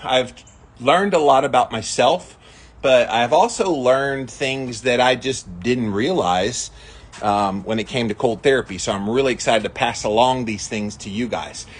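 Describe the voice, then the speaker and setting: A man's voice: medium pitch, a little slow, slightly rough. A man, a little out of breath, chatting upbeat to his viewers outdoors in his backyard on a live stream. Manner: upbeat, talks straight to viewers. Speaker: vlogger. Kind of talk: casual live-stream chat.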